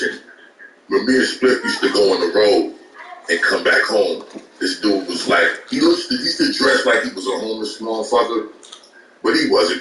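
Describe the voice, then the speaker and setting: New man, deep forceful voice, profane rambling story, echoey room, off the mic. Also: distant mic, a little hiss or hum. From Brooklyn, New York. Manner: profane, rambling, repeats words at restarts. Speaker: guest rapper. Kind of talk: casual storytelling.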